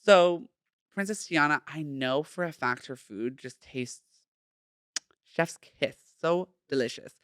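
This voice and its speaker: A man's voice: a little high, takes it slowly, fairly bright tone, smooth, no room sound, studio quality. A man in his thirties hosting a casual solo podcast, sassy and playful, full of slang. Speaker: podcast host.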